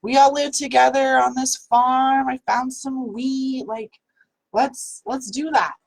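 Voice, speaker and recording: Woman putting on a high-pitched little red hen. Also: fairly even intonation, takes it slowly, gravelly, exaggerated voice, rough recording. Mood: coaxing. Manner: high, pleading then exasperated.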